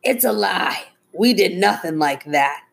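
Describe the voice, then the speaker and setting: A woman's voice: low voice, expressive, a little slow. A woman doing a stubborn, sarcastic suspect. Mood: defensive. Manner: defensive, sarcastic. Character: adult man, a stubborn defensive suspect.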